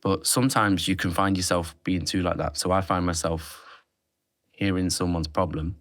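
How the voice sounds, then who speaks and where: Man, podcast guest, low voice, dry close sound, reflective, halting phrasing. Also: fairly even intonation, a bit bright, no echo. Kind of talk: candid interview conversation.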